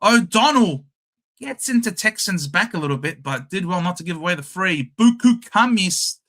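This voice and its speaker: A young Australian man hosting a casual live watchalong, calling the game and chatting with viewers, shouting at the big plays. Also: high voice, expressive, moderate pace. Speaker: live stream host.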